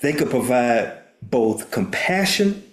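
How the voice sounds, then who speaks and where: An older American man, a therapist and minister, earnestly tells a story as an interview guest, often restarting words. His medium-pitched voice is very animated but slow, and the recording has a roomy echo.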